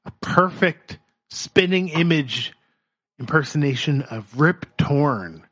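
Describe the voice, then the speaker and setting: A man co-hosting a podcast in a laid-back, halting casual chat. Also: on the high side, lively intonation, a bit bright. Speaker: podcast co-host.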